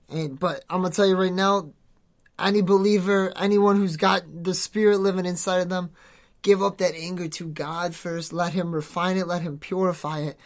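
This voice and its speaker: A podcast host preaching informally in an earnest, exhorting way, rambling with many restarts and self-corrections. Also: medium pitch. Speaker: podcast host giving a devotional.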